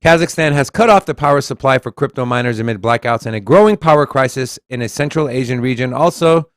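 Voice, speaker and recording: A man's voice: mid-range voice, fast, no room sound, studio quality. Blunt casual male crypto commentator. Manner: blunt, animated, reads quotes aloud. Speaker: co-host of crypto news show.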